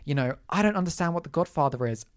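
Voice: medium pitch, fast talker. A young adult podcast host talking alone in a casual, campy, sarcastic rant, full of asides and apologies. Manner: animated, campy, sarcastic ranting with frequent asides.

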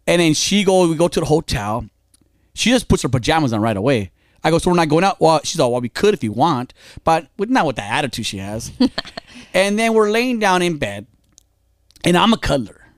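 A young man with a somewhat high voice tells a long, meandering story on a casual podcast. He acts out both sides of a squabble and breaks into laughter often. The sound is close and dry, with no room around it. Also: big pitch swings, fairly quick, dry recording. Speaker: podcast co-host. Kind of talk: casual chat.

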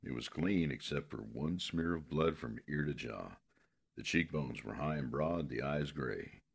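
A man narrating a western novel in a steady, measured way. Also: extremely low pitch, vocal fry, slightly rough.

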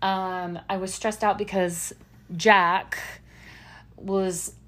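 A woman's voice: medium pitch, little pitch movement, extremely slow, fairly bright tone. Rambling emotional woman chatting. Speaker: podcast co-host. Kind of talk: casual chat.

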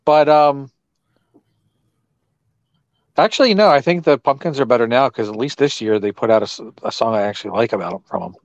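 A wry, joking man co-hosting a podcast, tossing out puns in casual chat. His voice sits at a middle pitch. The sound is dry and a little dull, as if from a lo-fi mic. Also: animated, a little fast, long pauses, dry recording. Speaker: podcast co-host.

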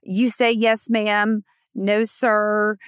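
A woman's voice: medium pitch, flat delivery, extremely slow, smooth, dry recording, studio quality. A woman from the American South, a podcast guest, speaking emphatically and gushing. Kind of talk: casual podcast chat.

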